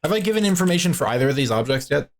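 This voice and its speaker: A man's voice: fairly high pitch, big pitch swings, rapid-fire. A man running a tabletop game as game master, rambling with many filler words.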